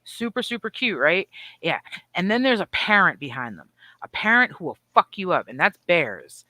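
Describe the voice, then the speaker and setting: Bright, animated, profane woman co-host. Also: fairly low pitch, moderate pace, dry recording. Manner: animated, profane storytelling with voiced asides. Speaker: podcast co-host. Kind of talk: casual chat.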